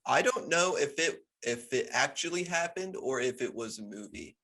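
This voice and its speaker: A man's voice: mid-range voice, animated, normal speed, bright, forceful tone. A man co-hosting a podcast, chatting casually about a movie in an easygoing, agreeable way, with stammered restarts. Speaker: podcast co-host. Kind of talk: casual movie review chat.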